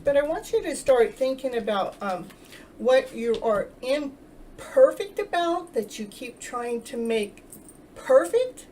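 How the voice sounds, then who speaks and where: A woman's voice: on the high side, lively intonation, unhurried, darkish tone. A woman hosting a casual self-love livestream, rambling, earnest and chatty, greeting viewers and laughing now and then. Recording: distant mic with faint background noise.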